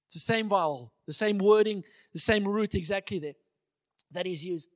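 A man's voice: high-pitched, moderate pace. A man giving a conversational sermon who sometimes acts out the dialogue he retells. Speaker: preacher.

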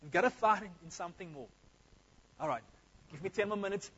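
A man's voice: sits high, brisk, fairly bright tone, husky, lo-fi sound. A man preaching a sermon, talking to the congregation directly with energy and in a conversational way.

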